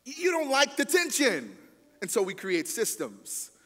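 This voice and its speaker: A man with a high voice preaches a sermon in a conversational, emphatic way, addressing the congregation directly. His words carry a long reverb tail from the church hall around him. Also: wildly swooping pitch, a little slow, fairly bright tone. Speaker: pastor.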